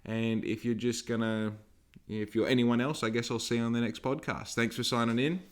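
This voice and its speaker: A man's voice: medium pitch, steady tone, fairly quick. An Australian man hosting a solo podcast from home, rambling and emphatic with a lot of swearing. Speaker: podcast host.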